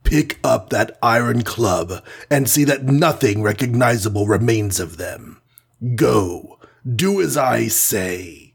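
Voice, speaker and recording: A man voicing a cruel, mocking alien villain in a storybook reading, with a husky voice. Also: mid-range voice, expressive, slow, exaggerated voice. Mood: commanding. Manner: commanding, mocking. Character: sinister alien male villain, gloating and cruel.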